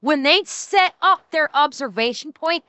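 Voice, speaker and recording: A woman's voice: high-pitched, expressive, measured pace, pushed and bright, no echo. A woman hosting a casual stream chat, blunt and swearing freely as she reacts. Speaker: streamer host.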